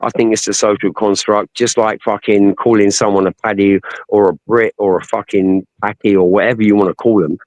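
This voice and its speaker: A man's voice: on the low side, little pitch movement, fairly quick, few pauses, darkish tone, no echo, poor audio. Blunt, swearing man. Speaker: panelist. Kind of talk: heated live stream debate.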